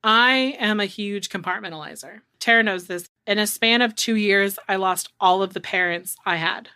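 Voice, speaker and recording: A woman's voice: mid-range voice, moderate pace, sharp tone, clear, resonant tone, dry recording. A woman in her thirties, co-hosting a podcast in casual chat, frank and chatty, with lots of swearing and "like". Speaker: podcast co-host.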